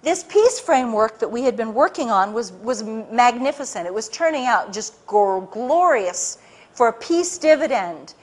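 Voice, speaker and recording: A woman speaking to a live audience, telling her story in an animated way with many restarts and acted-out quotes. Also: fairly high pitch, normal speed. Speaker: public speaker.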